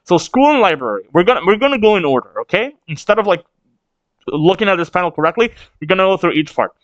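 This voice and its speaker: A man's voice: sits high, big pitch swings, quick pace, dry recording, dull audio. A man hosting a casual manga read-along reaction, rambling with restarts and casual swearing.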